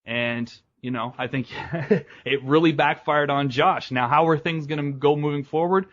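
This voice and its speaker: A man's voice: a little high, fairly bright tone, dull audio. A man hosting a wrestling podcast in casual chat, rambling and swearing, laughing often. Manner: profane, rambling, quick to laugh. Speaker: podcast host.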